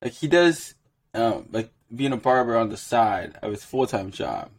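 A man's voice: mid-range voice, lively intonation, normal speed. A man hosting a podcast in casual chat, loose and chatty, with frequent laughs and filler words. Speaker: podcast host.

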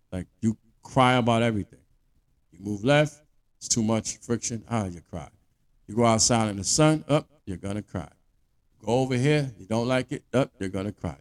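A man's voice: on the low side, brisk, gravelly, a little mellow. A man delivering a blunt, profane monologue rant as a podcast host.

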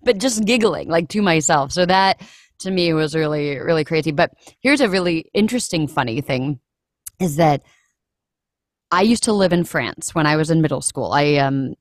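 A young woman talks casually about her work as a standardized patient, acting out her own reactions. Her voice sits a little low. The recording is dry and close, with no room sound. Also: moderate pace, no room sound. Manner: animated storyteller, acts out her own reactions. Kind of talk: casual conversation.

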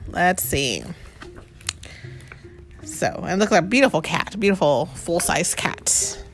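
Woman reading a picture book to her kid, lively pitch, quiet music under it. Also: slow pace. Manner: chatty, animated, asks the child questions. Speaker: parent reading to her child. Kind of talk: storybook read-aloud.

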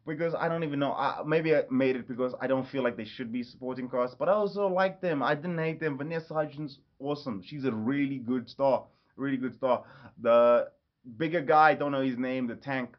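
A man's voice: medium pitch, a little fast. Rambling, enthusiastic man reviewing a movie. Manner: enthusiastic, rambling, self-correcting. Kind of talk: casual vlog review. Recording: slightly dull lo-fi audio.

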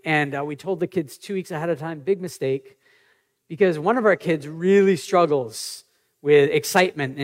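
A pastor in his thirties delivers a sermon in a lively, conversational style, weaving in personal stories. His voice runs on the high side.

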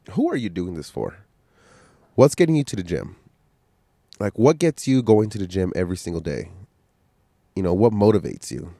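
A man with a lowish voice, fighting a cold with a stuffy nose and coughs, rambles bluntly and swears freely as he hosts a solo podcast. The sound is dry and close, with no room around it. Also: dark tone, no room sound. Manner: profane, blunt motivational rambling. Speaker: podcast host. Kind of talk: casual solo podcast monologue.

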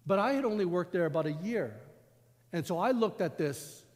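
Male pastor, storytelling sermon, higher-pitched voice, long church reverb. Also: expressive, moderate pace. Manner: storytelling, conversational.

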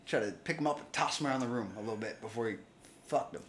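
A young man co-hosting a podcast, loud and crude in casual banter, in an echoey room. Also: medium pitch, quick pace, slight background noise. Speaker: podcast co-host.

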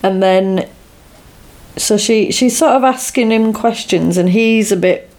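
A woman's voice: medium pitch, a little slow, darkish tone. A woman in casual chat, animatedly retelling a film scene by scene and acting out the characters' lines.

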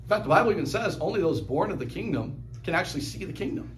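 A pastor preaching a sermon in a conversational way, with quick asides and chuckles. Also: male voice, high voice, lively intonation, a little hiss or hum.

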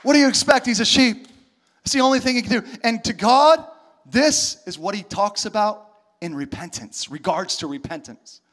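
A man with a very high voice preaching a lively sermon to his church. He acts out little conversations and swings from soft asides to shouted questions. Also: moderate pace, a faint crowd. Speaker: pastor.

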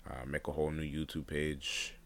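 A young man talks off the cuff on his own podcast, wandering from thought to thought with frequent ums and restarts. His voice sits very low and still has a groggy, just-woke-up roughness to it. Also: little pitch movement, normal speed, fairly bright tone. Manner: rambling, hesitant, many fillers and restarts. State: groggy morning voice. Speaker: podcast host. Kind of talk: unscripted solo podcast talk.

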